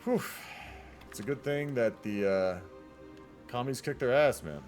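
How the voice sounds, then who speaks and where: A man's voice: mid-range voice, lively intonation, measured pace, a little mellow, faint music behind. A man casually commentating a multiplayer strategy game on a live stream, rambling into laid-back asides and swearing often.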